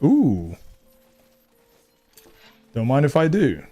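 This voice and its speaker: A man's voice: mid-range voice, huge pitch swings, very slow, dark tone, husky, soft background music. A man streaming a game, chatting casually and teasing his viewers with frequent laughs. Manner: playful, teasing, laughs often. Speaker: gaming streamer.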